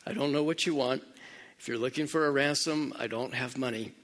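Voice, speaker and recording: A man doing a calm, menacing father. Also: mid-range voice, fairly quick, lightly acted. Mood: cold threat. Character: calm, menacing middle-aged father threatening a kidnapper.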